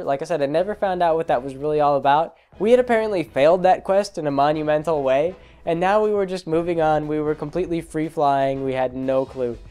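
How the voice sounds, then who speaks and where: A storyteller in a casual vlog retells a tabletop game campaign, rambling, amused and full of fillers. His voice is a little high and a little mellow.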